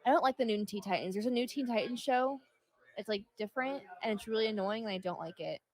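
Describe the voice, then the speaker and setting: A woman chatting casually with friends in a big house, animated and self-deprecating. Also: fairly high pitch, fast. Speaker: guest in a group chat. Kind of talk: casual chat. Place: large echoey house.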